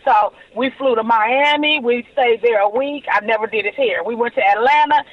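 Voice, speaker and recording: A woman's voice: on the high side, moderate pace. A woman in her forties, a podcast guest telling stories animatedly and acting out the dialogue. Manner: animated storyteller who acts out quoted dialogue. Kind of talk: storytelling in a podcast interview. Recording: dull lo-fi recording.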